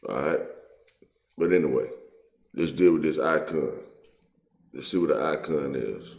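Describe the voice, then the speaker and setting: A man's voice: very deep voice, a little slow, vocal fry, reverberant. A man hosting his own video, giving a heated, profane commentary full of street slang. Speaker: online video host.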